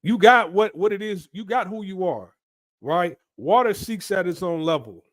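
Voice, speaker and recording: A man holds forth on his commentary channel in an emphatic, lecturing way, pausing to ask his listeners "right?". His voice sits a little high for a man. The sound is dry and close. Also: animated, no room sound. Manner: emphatic and preachy, keeps asking "right?". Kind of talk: opinion commentary monologue.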